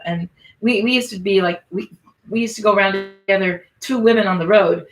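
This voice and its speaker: A woman's voice: mid-range voice, fairly quick, soft background music. Woman comedian, podcast host, rambling storyteller, profane, echoey room. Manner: rambling, profane, restarts sentences. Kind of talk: casual storytelling chat.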